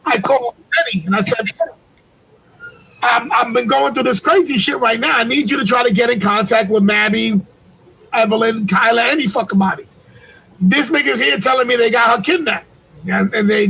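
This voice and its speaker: A man with a high, gravelly voice tells a long, foul-mouthed story over a video call. His tone is bright and sharp, and he raises his voice to act out each phone exchange. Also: low-quality recording. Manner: profane, animated storytelling, shouts when reenacting. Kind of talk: casual chat.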